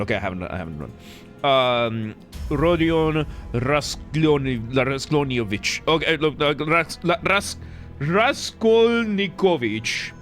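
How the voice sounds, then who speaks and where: A male streamer with a bright, forceful voice, pitched a little high, chatting loosely as he plays. He rambles, corrects himself mid-sentence and cracks jokes at chat, with faint game music under him. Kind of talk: casual live-stream commentary.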